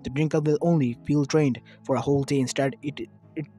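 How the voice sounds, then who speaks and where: A man's voice: fairly high pitch, steady tone, fairly quick, dark tone, soft background music, close to an everyday voice. A man reading an arrogant village leader. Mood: scheming. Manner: boastful, taunting.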